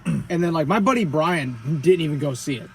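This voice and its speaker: A man's voice: a little high, lively intonation, moderate pace, slight background noise. A man co-hosting a podcast in casual chat, blunt and opinionated, with some swearing. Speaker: podcast co-host.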